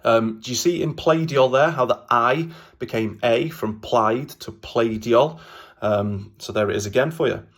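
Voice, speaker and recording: A man with a Welsh accent teaching a language lesson in a relaxed, chatty way, often pausing with ums and uhs. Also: mid-range voice. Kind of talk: casual explanatory language lesson.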